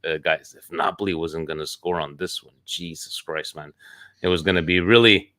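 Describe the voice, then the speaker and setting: A man co-hosting a casual football podcast, talking in an animated way and swearing freely. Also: sits low, moderate pace, no room sound. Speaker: podcast co-host. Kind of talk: casual sports talk.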